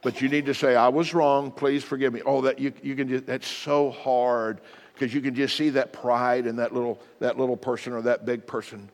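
A man's voice: medium pitch, little pitch movement, moderate pace, long reverb tail. A middle-aged man, a pastor, preaching a sermon in an earnest, plain-spoken way with repeated exhortations.

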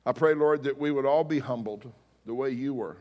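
A man's voice: medium pitch, moderate pace, lo-fi sound. A man preaching a sermon as pastor, telling stories in a casual, self-deprecating way. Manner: conversational, storytelling, self-deprecating. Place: church sanctuary. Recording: long reverb of a hall.

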